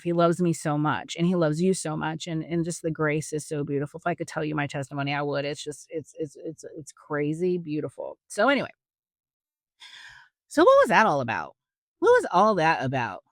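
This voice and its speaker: Chatty, animated woman podcast host. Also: sits low, no echo, clean studio sound. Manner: chatty and animated, acts out quotes with big voice swings; jokey asides to listeners. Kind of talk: casual Bible teaching.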